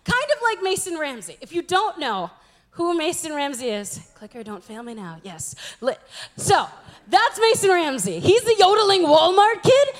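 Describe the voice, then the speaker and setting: A youth speaker with a very high, very animated voice talks at normal speed. She's a young woman giving a humorous church talk, sharing chatty, self-mocking stories about herself.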